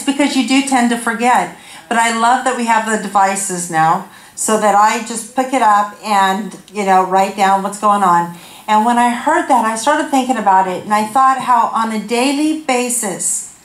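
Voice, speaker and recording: A woman's voice: on the high side, a bit bright. A woman in her fifties giving a candid, humorous sermon on a corded mic in a church, telling self-deprecating stories. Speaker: guest speaker. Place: church sanctuary. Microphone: handheld corded mic. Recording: echoey church hall.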